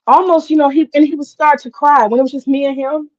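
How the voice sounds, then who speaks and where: A woman talking casually on a livestream, drawling and animated as she tells a story, with asides to herself. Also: high-pitched, normal speed, long pauses, highs cut off. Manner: animated, drawling, swears casually, mutters to herself while cooking. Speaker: host.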